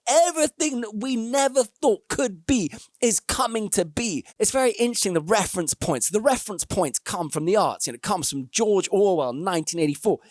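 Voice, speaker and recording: A man, a musician, talks through his reaction to an ad in reflective commentary and slips into animated storytelling with voiced characters. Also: sits high, no echo, clean studio sound.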